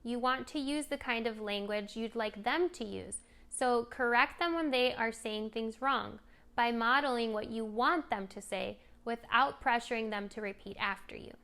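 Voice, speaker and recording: Clear-voiced woman coaching parents. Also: fairly high pitch, moderate pace. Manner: clear, gentle parent coaching with sing-song demonstrations. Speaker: speech therapy presenter. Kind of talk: scripted instructional narration.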